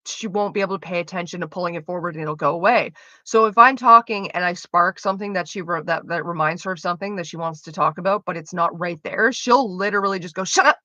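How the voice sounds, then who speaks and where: A woman streamer in casual chat with her viewers, rambling fast and swearing freely. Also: on the low side, sharp tone, no echo, dull audio.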